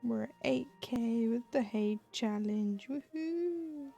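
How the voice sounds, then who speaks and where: A woman's voice: a little high, steady tone, slow, gravelly, mellow, soft background music. A woman chatting casually on a live stream while she stitches, acting out little quoted exchanges with a self-deprecating humor.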